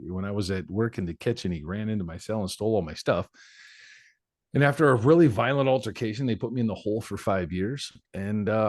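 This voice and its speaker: Male podcast guest, 40s, deep-ish and dry, frank and reflective. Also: darkish tone, no echo. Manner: candid, reflective storyteller. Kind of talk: personal life story in conversation.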